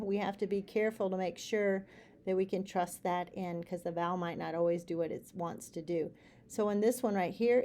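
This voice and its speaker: A middle-aged woman teacher explaining letter chunks in a phonics lesson, patiently repeating each sound slowly and clearly. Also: mid-range voice, warm tone. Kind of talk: phonics lesson for students and parents.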